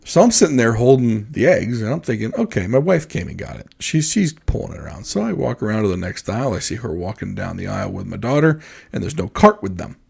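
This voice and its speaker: This podcast co-host, a man, relates a story conversationally, giving animated performances of the quoted voices of others. His voice is on the low side with vocal fry and a breathy edge, and he talks at a quick pace.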